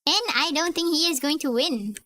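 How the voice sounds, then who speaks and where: High, bright-voiced giggly woman streamer. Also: lively intonation, moderate pace. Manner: giggly, chatty asides. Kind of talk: reading a comic aloud on stream.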